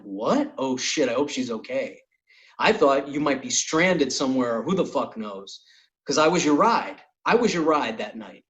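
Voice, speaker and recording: A man hosting a podcast, telling a long comic anecdote in casual, profane chat. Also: fairly high pitch. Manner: animated, swearing anecdote teller. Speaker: podcast host and comedian.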